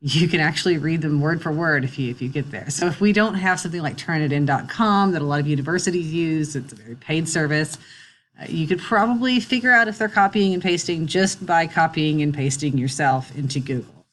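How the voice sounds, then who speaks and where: A middle-aged woman teacher records a relaxed, chatty screen tutorial into a computer mic, dropping wry asides along the way. Her voice is low-pitched and her pace fairly quick.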